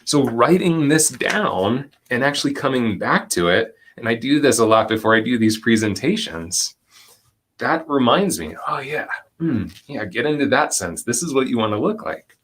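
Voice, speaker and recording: Gentle, reflective man leading a workshop. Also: mid-range voice, lively intonation. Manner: gentle, reflective, with slow deliberate stretches and soft laughs. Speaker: presenter and educator. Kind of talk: live online workshop, reading chat comments.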